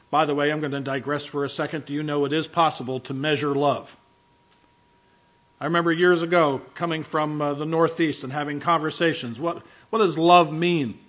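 A man's voice: a little high, steady tone, moderate pace, muffled recording. A male pastor giving a conversational sermon, teaching with rhetorical questions and asides.

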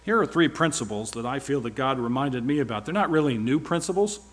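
A man's voice: mid-range voice, expressive, fairly quick. A man speaking at church, giving a rambling, informal sermon-style report with wry asides.

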